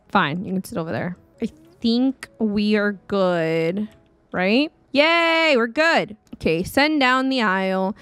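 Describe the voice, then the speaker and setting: Woman, let's-play commentary, excitable, chatty, dry close sound. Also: medium pitch, a little slow, dry recording. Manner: chatty, excitable, often laughing. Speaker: gaming YouTuber. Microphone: studio desk mic.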